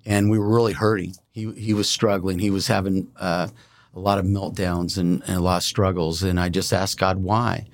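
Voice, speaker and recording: A man's voice: deep voice, flat delivery, normal speed. A man telling his personal faith story as a guest in a studio interview, earnest and emphatic. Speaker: guest, non-profit founder. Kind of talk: personal testimony in conversation.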